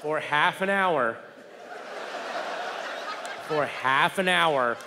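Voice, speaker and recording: A man doing stand-up storytelling on stage, animated, shouting out the crowd's yells. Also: a little high, very slow. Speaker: stand-up comedian. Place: comedy stage before a live audience. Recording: reverberant live venue with crowd noise.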